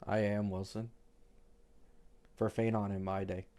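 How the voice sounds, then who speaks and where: Reading out questions from his chat, this young man from Canada keeps things relaxed and full of slang during his livestream. His voice is lowish, level and a little mellow, with a slightly slow pace and a slight Canadian accent.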